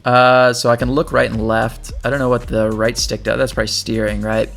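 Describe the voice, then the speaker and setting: A man with a gravelly, fry-edged voice talks his way through a video game in easy, chatty commentary. He thinks aloud as he plays, and faint game music runs underneath. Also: mid-range voice, little pitch movement, a little fast, a bit bright. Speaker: gaming channel host. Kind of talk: casual gameplay commentary.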